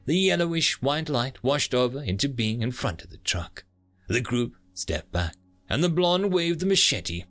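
A man narrating a thriller audiobook in a dramatic, low-voiced storytelling manner. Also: big pitch swings, normal speed, fairly bright tone, faint music behind.

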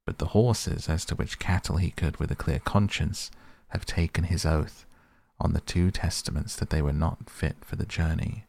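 Deep gravelly male audiobook narrator. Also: no room sound. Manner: measured, even storytelling. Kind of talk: audiobook narration of a classic novel.

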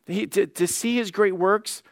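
A man's voice: sits high, steady tone, a little slow, creaky, no echo, clean studio sound. A male pastor preaching in a conversational way, often restarting words and acting out the quotes he tells. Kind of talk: sermon.

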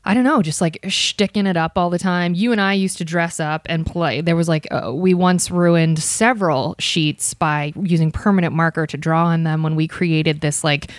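A woman's voice: on the low side, normal speed, hardly any pauses, dry recording, clean studio sound. A young woman from Ohio chatting as an interview guest, self-deprecating and full of fillers. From Ohio, USA. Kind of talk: casual interview chat.

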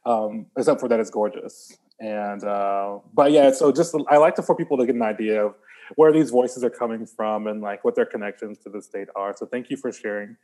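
A man's voice: fairly low pitch, a little fast, warm tone. A man hosting a podcast, upbeat and encouraging, talking casually with many fillers. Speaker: podcast host. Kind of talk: casual interview chat.

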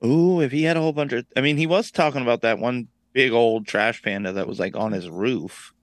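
A man co-hosting a casual podcast chat, teasing in a deadpan, joking way. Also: mid-range voice, brisk, dry recording. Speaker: podcast co-host.

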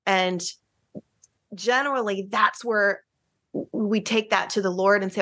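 A woman's voice: mid-range voice, fairly even intonation, pushed and bright. Earnest chatty woman counselor. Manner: earnest, chatty, many fillers and restarts, quick laughs. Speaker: marriage counselor, guest. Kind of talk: casual interview chat.

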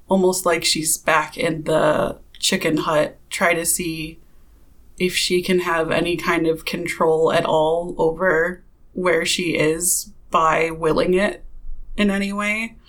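A woman's voice: lowish voice, flat delivery, slow pace, fairly bright tone. A woman player describing her character's actions in a casual tabletop game.

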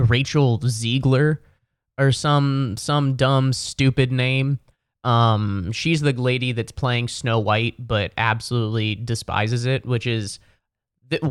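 A man's voice: medium pitch, smooth, dry recording, clean studio sound. A young man hosting a casual solo podcast, telling stories in a profane, exasperated rant. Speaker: podcast host.

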